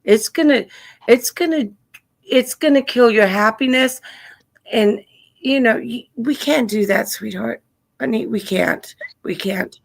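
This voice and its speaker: A woman's voice: on the high side, a little slow, gravelly. Earnest woman consoling with tender endearments. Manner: tender, earnest, calls people honey and sweetheart. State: widowed, grieving. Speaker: livestream host. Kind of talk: consoling a grieving caller.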